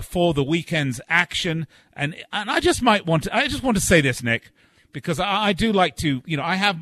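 A man's voice: fairly high pitch, dry recording. A man hosting a sports talk radio show, chatty and hyped, with frequent "uh"s. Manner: lively, hyped plugs with filler "uh"s.

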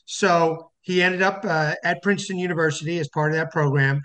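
A man's voice: on the high side, fairly even intonation, fairly quick, fairly bright tone. A man being interviewed as an author, telling a long anecdote with many restarts and fillers. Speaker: author guest. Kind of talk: phone-in interview storytelling.

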